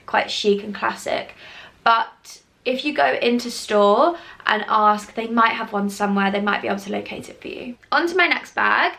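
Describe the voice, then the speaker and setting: Young woman lifestyle vlogger, casual and gushing, slightly high voice, lots of fillers. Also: gravelly, bright, forceful tone. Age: 20s. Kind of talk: casual chat to camera.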